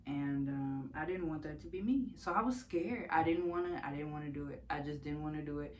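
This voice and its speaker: A woman's voice: low-pitched, brisk, a little mellow, slight background noise. A young woman from the United States telling her own story in a casual, candid vlog, swearing freely and laughing often. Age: young adult.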